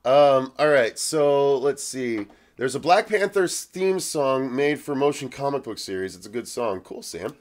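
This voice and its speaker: A man's voice: mid-range voice, expressive, unhurried, few pauses. A man co-hosting a movie review show in loose, casual chat, rambling with lots of fillers and swearing.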